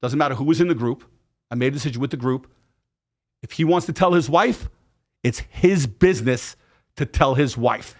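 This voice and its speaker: A middle-aged man with a gravelly, creaky voice of middling pitch tells a candid story as a podcast guest. He talks in slang, swears freely and acts out what people said, playing every part himself. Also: normal speed, pauses often. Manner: animated, profane, slangy retelling with acted-out quotes.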